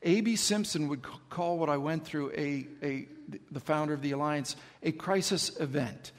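A man's voice: on the high side, moderate pace, in a large hall. A man preaching a sermon, telling his own conversion story in an earnest, storytelling way. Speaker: pastor. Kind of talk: sermon with personal testimony.

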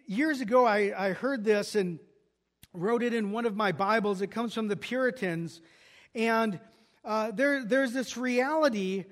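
A pastor preaching an earnest expository sermon, often restarting and repeating words as he works through a passage. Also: sits high.

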